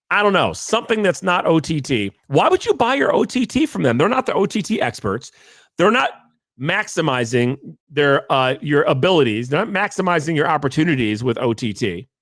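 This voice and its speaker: Man, podcast host, casual monologue, rambling and jokey, very expressive pitch, dry close sound. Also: no room sound. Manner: animated, rambling, jokey asides.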